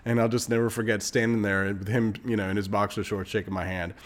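A man's voice: on the low side, level tone, quick pace. A man in his thirties from Missouri, hosting a casual podcast and telling stories in a rambling, chatty way with many fillers and restarts. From Missouri, United States. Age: 30s. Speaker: podcast host.

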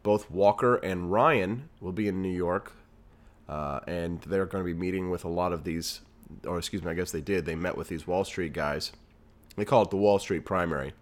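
A deep-voiced man hosts a political podcast at a normal speed. He rants in a fired-up way through a commentary monologue, reading the news aloud and tossing in his own asides.

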